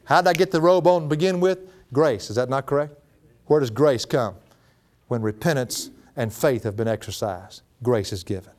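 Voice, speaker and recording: A middle-aged man preaching a sermon as a pastor, folksy and animated, laughing often. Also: medium pitch, normal speed.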